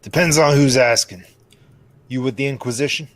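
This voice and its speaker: A man playing a tabletop game, talking in a gruff, blunt way. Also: medium pitch, moderate pace, no room sound. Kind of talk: casual in-character play.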